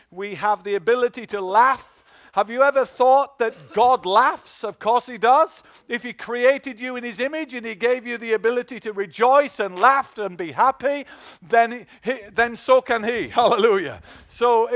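High-voiced Northern English preacher. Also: male voice, fairly bright tone. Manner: exhorting congregation, many fillers and call-outs. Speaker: pastor. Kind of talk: sermon.

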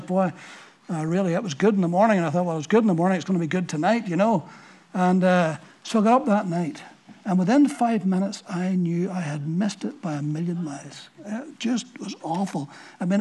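A man's voice: sits high, a little mellow. Older man, pastor, storytelling sermon, casual delivery with restarts. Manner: storytelling, conversational with repeated words.

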